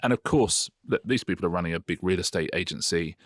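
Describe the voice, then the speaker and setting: A man's voice: low-pitched, fast talker, dry recording, studio quality. A middle-aged man co-hosting a podcast, chatting enthusiastically and rambling with restarts. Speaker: podcast co-host, TV producer. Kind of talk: casual chat.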